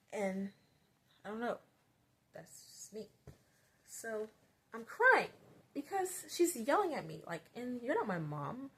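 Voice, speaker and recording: A woman's voice: on the high side, husky. A woman vlogger telling a childhood story in a casual, chatty way, rambling with lots of fillers. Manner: chatty, rambling, many "like"s, grows animated.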